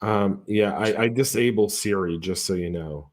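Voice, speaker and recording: A man co-hosting a casual tech podcast, trying out phone features as he talks, with halting restarts and dry jokes. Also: fairly low pitch. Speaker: podcast co-host.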